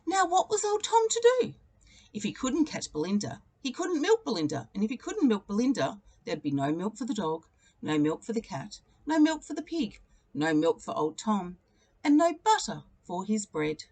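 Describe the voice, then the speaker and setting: A teacher reading a children's picture book aloud, telling the story expressively and leaning into its repeated refrains. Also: female voice, mid-range voice, sing-song, normal speed, darkish tone, husky.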